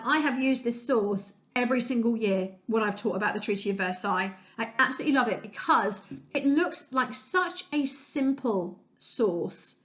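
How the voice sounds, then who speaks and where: A woman's voice: a little high, a bit bright, lo-fi sound. A woman history teacher giving an enthusiastic, chatty revision lesson as a voice-over, with frequent fillers. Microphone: voice-over over slides.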